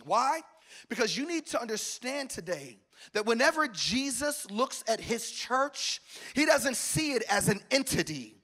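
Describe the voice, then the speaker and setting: A man's voice: very high-pitched, big pitch swings, a little slow, pushed and bright. A man preaching a sermon as a pastor in a church, calling out to the congregation and building to emphatic peaks. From American South. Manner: preaching with call-outs and rising emphasis. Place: church auditorium.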